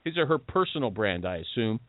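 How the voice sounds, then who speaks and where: A man's voice: lowish voice, very animated, brisk, no room sound, phone-quality sound. A man hosting a heated panel talk, an interrupting, pushy questioner. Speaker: host.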